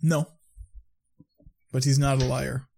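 A mid-pitched male voice delivering dry one-liners in casual podcast talk. His tone stays flat and deadpan. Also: slow pace, creaky. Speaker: podcast co-host.

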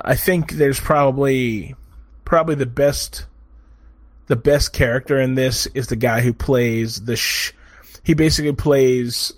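A man's voice: mid-range voice, no room sound, studio quality. A man casually griping about a bad comedy film, rambling and swearing, acting out scenes in quoted voices. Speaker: movie reviewer. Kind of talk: casual profane chat.

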